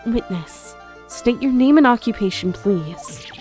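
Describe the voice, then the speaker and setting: A woman's voice: fairly high pitch, animated, a little slow, mellow. A woman voicing a fussy, polite older male judge who speaks formally, with game music behind.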